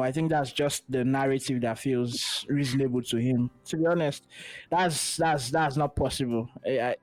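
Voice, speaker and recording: A man's voice: mid-range voice, darkish tone, dry recording, poor audio. A man hosting a podcast over a call, talking casually and giving his opinions with many restarts. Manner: laid-back, opinionated, frequent restarts. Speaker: podcast host. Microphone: remote call.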